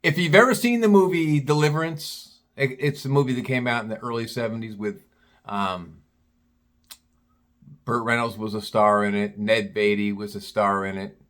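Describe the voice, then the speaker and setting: A man's voice: mid-range voice, fairly even intonation, normal speed, a bit bright. Male storyteller, casual and rambling, restarts often, curses freely, mid-range voice. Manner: rambling, restarts, blunt swearing.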